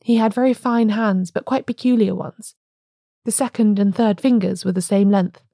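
A woman's voice: medium pitch, fairly even intonation, moderate pace, mellow, dry recording, studio quality, close to an everyday voice. A woman reading an audiobook, voicing a confident male village doctor who speaks in a matter-of-fact way. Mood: dismissive.

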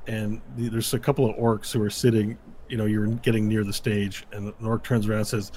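A man's voice: lowish voice, little pitch movement, fairly quick, darkish tone, slight background noise. A man narrating a tabletop game as game master, casual and rambling, laughing often.

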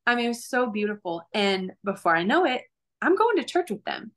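A woman's voice: a little high, big pitch swings, a little fast. A young woman sharing her faith testimony in an earnest, conversational way, often laughing. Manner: earnest, laughs often, acts out quoted voices.

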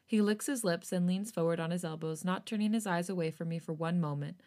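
A woman co-hosting a podcast, reading fan fiction aloud in a soft voice and breaking off into loud, laughing, flustered chat. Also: lowish voice, quick pace.

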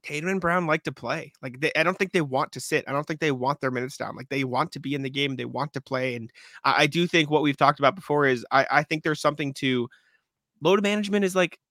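A man co-hosting a casual sports podcast who reads listener emails and jokes around with his partner, with hiccups and throat clearing. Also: on the high side, a bit bright, dry recording, clean studio sound. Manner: fast, joking banter with many asides. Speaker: podcast co-host.

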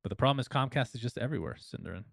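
A man's voice: medium pitch, lively intonation, rapid-fire, gravelly, fairly bright tone, no room sound. Joking man from Arizona, dry sound. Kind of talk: casual chat.

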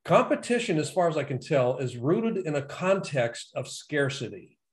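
A man's voice: on the high side, sing-song, normal speed. A man hosting a conversational interview, musing aloud and asking long, winding questions. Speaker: host.

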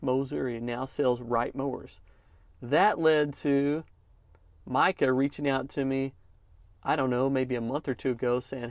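A man's voice: mid-range voice, dry recording. A man telling a story on his podcast in a casual, encouraging way and calling listeners "man.". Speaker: podcast host, lawn care business owner. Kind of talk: casual motivational podcast talk.

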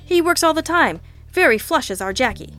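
A woman voicing a nervous, whiny little man who is a small-time informant in a storybook reading, raising her voice high for him. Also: animated, a little fast, bright, forceful tone, soft background music. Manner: whining, flustered, eager to please.

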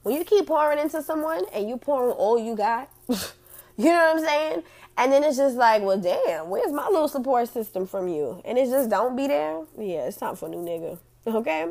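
A woman's voice: fairly high pitch, lively intonation, moderate pace, gravelly, darkish tone. A woman hosting a casual chat and reading out audience comments, blunt and profane, laughing often.

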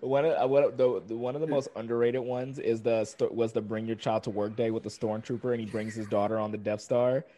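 A young man co-hosting a casual chat, laughing often and acting out scenes in silly high voices. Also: fairly even intonation, a little fast, few pauses, warm tone, no room sound. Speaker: podcast co-host.

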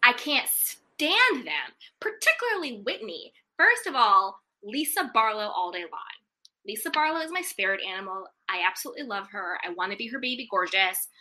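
A young woman with a very bright, ringing voice, talking with sass and emphasis. She sits a little high in pitch and keeps the chat casual and lively. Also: moderate pace. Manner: animated, sassy, emphatic. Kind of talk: casual reality-TV gossip chat.

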